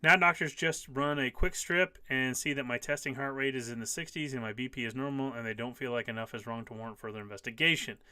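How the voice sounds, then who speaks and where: A man's voice: medium pitch, fast talker, hardly any pauses, bright, forceful tone, clean tone, no echo. A man in his fifties hosting a casual live stream, reading viewer comments aloud and answering them emphatically, often repeating key phrases. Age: 50s.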